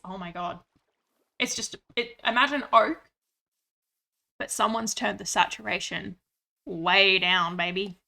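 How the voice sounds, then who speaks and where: A woman's voice: mid-range voice, measured pace, vocal fry, pauses often, sharp tone. A woman streaming a game, chatting playfully and reading out chat. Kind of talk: casual gaming stream chat.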